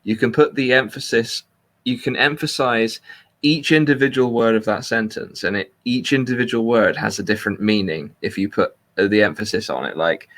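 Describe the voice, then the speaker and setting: A man's voice: on the low side, moderate pace. A British man in casual chat as co-host, patiently explaining things and chuckling often.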